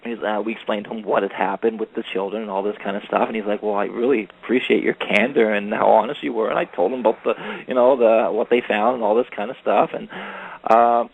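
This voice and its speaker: A man's voice: lowish voice, steady tone, quick pace, creaky, slight background noise. Rambling man on a phone line. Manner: rambling storyteller, many fillers, acts out quoted voices. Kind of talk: casual chat.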